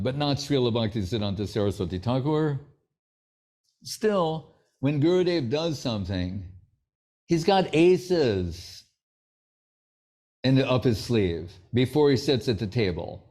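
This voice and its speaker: Guy giving a sermon, lots of stories, acts out who said what, warm low-key tone. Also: big pitch swings, a little slow. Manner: storytelling, acting out quoted dialogue. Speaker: spiritual teacher. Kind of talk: anecdotal sermon.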